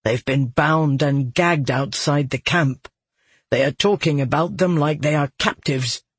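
A man's voice: a little high, a little slow, husky, no room sound. A man voicing an urgent, apologetic scout. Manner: urgent warnings. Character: anxious apologetic male scout.

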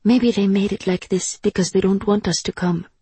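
Scared young woman w/ wild magic, read by the narrator, higher breathy voice, dry close mic. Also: steady tone, normal speed, dry recording. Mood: gloomy. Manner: pleading, raised pitch, soft.

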